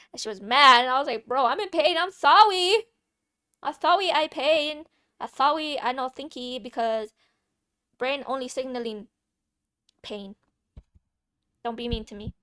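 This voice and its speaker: A young woman vlogger telling a casual story, chatty and playful, swearing freely with quick asides. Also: a little high, bright, forceful tone, clear, resonant tone, dry recording, studio quality.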